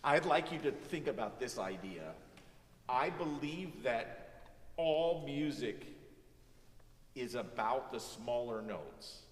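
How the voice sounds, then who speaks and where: A man's voice: mid-range voice, slow pace, pauses often. A man teaching a music master class, coaching a student and singing phrases to show what he means. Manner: animated, sings phrases to demonstrate. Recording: echoey hall, voice from far off.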